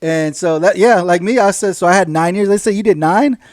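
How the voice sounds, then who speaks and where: A man's voice: high voice, a little fast, no room sound, clean studio sound. A man hosting a casual podcast chat, swearing freely and retelling stories through quoted back-and-forth dialogue. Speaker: podcast host.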